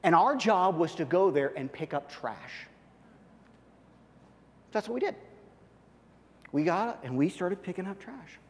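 A male pastor preaching, telling a story with lots of restarts and animated asides. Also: high-pitched, unhurried, pauses often. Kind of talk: sermon with storytelling. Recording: long hall reverb.

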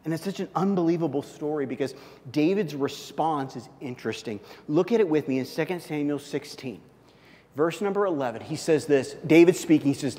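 A man's voice: on the high side, sing-song, moderate pace, darkish tone, long reverb tail. A man preaching a sermon in a casual, conversational way, full of fillers and asides. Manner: conversational, heavy use of fillers. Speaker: pastor.

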